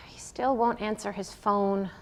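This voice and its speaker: A blunt, outspoken actress roommate, played by a woman on stage. She talks in a plain, slightly high voice and tells people exactly what she thinks. Her delivery is bossy and direct. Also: moderate pace, slight background noise, natural voice. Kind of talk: stage play.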